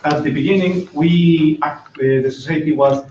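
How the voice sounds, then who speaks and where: Audience guy asking a question, halting, far from the mic, echoey room. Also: on the high side, fairly even intonation, dark tone, a little hiss or hum. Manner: hesitant, many fillers and restarts. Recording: distant, echoey, lo-fi room recording.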